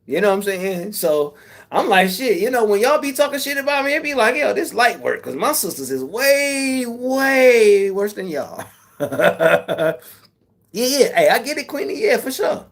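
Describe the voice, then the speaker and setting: Casual male streamer, relaxed and loose, quick to laugh, answering viewers directly. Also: high voice. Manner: laid-back, swearing, laughs often. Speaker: YouTube livestream host.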